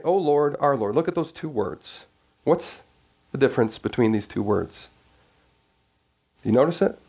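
Male pastor, fairly high voice, earnest sermon delivery, repeats and restarts words. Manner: earnest, repeats and restarts phrases, questions the congregation.

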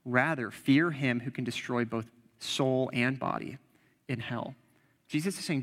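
A man's voice: medium pitch, moderate pace, fairly bright tone, in a large hall. A young man preaching an earnest, conversational sermon and quoting scripture.

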